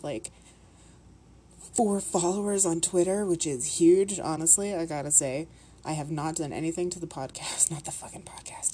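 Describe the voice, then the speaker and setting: Canadian woman host, slight Minnesotan lilt, low mellow voice, chatty and laughing, faint hiss behind. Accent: Canadian, with a put-on Minnesotan lilt. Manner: rambling, laughing, swearing often. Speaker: podcast host. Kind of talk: casual podcast intro chat.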